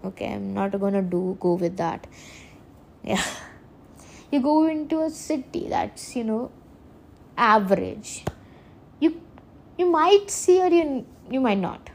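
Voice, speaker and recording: A woman's voice: fairly high pitch, lively intonation, slow pace, vocal fry, long pauses, a little mellow, a little hiss or hum. Chatty woman hosting a podcast. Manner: rambling and earnest, self-correcting, laughs often. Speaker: podcast host. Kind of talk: casual solo podcast monologue.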